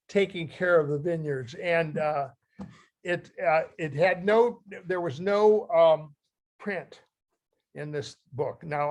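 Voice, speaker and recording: An older man from Ohio, a guest speaker who reads from his memoir in a halting, heartfelt way and often restarts his phrases. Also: a little high. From Ohio, USA. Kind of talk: talk reading from his memoir.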